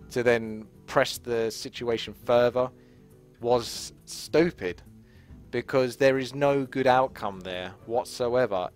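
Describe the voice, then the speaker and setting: A man vlogging about fitness, telling a story in a rambling, candid way and swearing freely. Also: medium pitch. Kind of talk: casual storytelling vlog.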